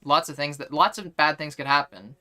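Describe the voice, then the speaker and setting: A woman's voice: low voice, brisk, sharp tone. A young woman streamer chatting casually while gaming, ranting bluntly with lots of fillers. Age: young adult. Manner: blunt, exasperated ranting with frequent "like".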